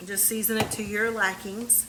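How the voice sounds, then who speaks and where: Standing at the stove in her echoey home kitchen, a chatty, folksy woman who laughs easily talks through a casual cooking video. Her mid-range voice moves little in pitch at a moderate pace, and the very noisy recording is dominated by a loudly sizzling pan and stirring.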